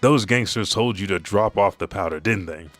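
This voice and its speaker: A man's voice: on the low side, normal speed, fairly bright tone, faint music behind, natural voice. A man voicing a harsh male marine interrogator, blunt and accusing.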